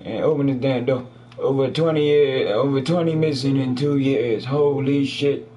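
A man's voice: mid-range voice, steady tone, normal speed, dark tone. A man giving crude, jokey running commentary while he plays a horror game, cursing at everything he meets. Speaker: gamer. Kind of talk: profane let's play commentary. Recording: faint background noise.

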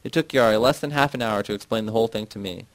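A man voicing a stern, commanding male friend in a read-aloud novel, speaking in a raised, forceful way. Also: lowish voice, a little fast, no room sound, lightly acted, poor audio.

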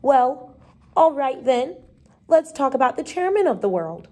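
A woman reading the part of a small, brisk, bossy male schoolteacher in a storybook, speaking crisply and dismissively. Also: sits high, big pitch swings, warm tone, exaggerated voice.

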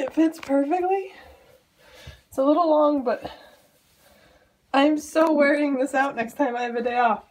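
A young woman in an excited unboxing vlog, giddy and squealing, laughing and near tears. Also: high voice, unhurried, long pauses, poor audio. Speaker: vlogger.

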